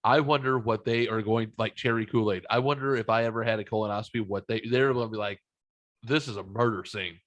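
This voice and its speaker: A man's voice: lowish voice, steady tone, quick pace, hardly any pauses, a bit bright, no echo. A man hosting a podcast, chatting casually with crude, joking banter. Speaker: podcast host. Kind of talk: casual chat.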